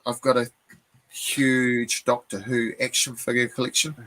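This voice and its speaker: Man guest, casual chat, slow speech, easygoing. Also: mid-range voice, level tone, crowd noise, rough recording.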